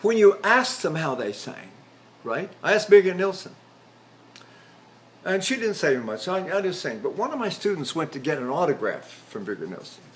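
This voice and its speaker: Animated man in his eighties teaching singing. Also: fairly high pitch, moderate pace. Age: 80s. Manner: animated, chatty, breaks into sung examples. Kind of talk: vocal technique lecture with sung demonstrations.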